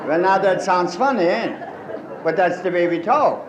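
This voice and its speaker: A man's voice: high voice, lively intonation, moderate pace, muffled recording. A man with a Pennsylvania Dutch accent telling folksy jokes with dry one-liners in a live stand-up set. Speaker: stand-up comedian. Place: stage before a live audience. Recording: old live recording in a roomy hall with crowd and hiss.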